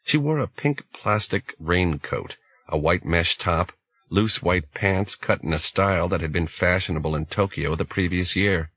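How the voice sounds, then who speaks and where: A man reading an audiobook in a measured, even storytelling voice. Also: deep voice, slightly rough, no echo, low-quality recording. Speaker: audiobook narrator. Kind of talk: scripted narration.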